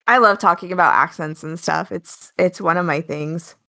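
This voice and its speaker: A woman's voice: on the low side, a little slow, gravelly. An American woman from Alaska with a Pacific Northwest accent, chatting casually on a podcast and telling a story in a talkative way. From Alaska, United States. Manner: talkative, storytelling, says she is loud. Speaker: podcast co-host. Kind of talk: casual chat.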